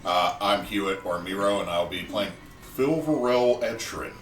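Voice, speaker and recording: A man's voice: deep voice, animated, moderate pace, a bit bright. A man introducing himself as a player in a tabletop game, playful and jokey. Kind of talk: casual tabletop chat. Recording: echoey, distant mic, music behind.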